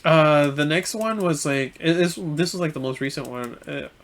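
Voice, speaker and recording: Young man rambling through a story. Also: a little high. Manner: halting, full of restarts and fillers, acts out quoted lines. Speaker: podcast co-host. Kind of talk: casual podcast chat.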